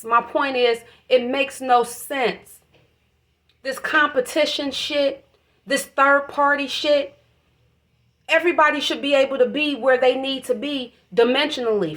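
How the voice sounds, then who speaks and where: A woman's voice: high-pitched, fairly bright tone. A woman giving an emotional, preachy spiritual monologue, swearing freely as she talks. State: emotional, voice catching. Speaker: vlogger.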